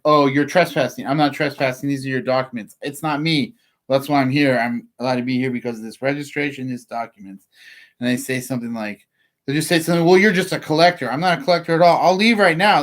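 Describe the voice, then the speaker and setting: A man's voice: mid-range voice, fairly bright tone. A man who works as a process server tells work stories in a loose, rambling way, with lots of "like" fillers. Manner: laid-back, rambling, heavy "like" fillers. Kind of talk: casual storytelling.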